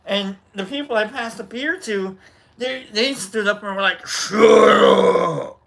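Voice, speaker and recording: Bright-voiced man telling rowdy stories. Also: high voice, moderate pace. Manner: animated, joking, acts out quoted voices with loud yells. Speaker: livestream host. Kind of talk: casual storytelling chat.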